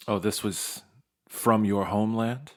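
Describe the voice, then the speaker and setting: A man voicing a courteous, formal female lore master in a tabletop game, in a hushed and lowered voice. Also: steady tone, measured pace, close to an everyday voice. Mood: reassuring.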